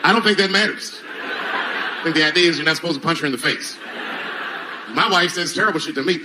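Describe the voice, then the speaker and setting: A man's voice: on the high side, brisk, long pauses. A middle-aged man performing a profane stand-up comedy set to a laughing audience, acting out voices as he tells stories. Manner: profane, animated storytelling with acted-out voices. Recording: noisy live recording.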